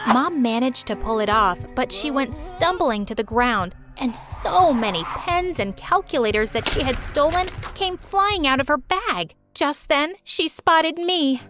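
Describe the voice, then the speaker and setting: A young adult woman narrating a dramatic first-person storytime, lively and expressive. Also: high-pitched, unhurried, hardly any pauses, soft background music.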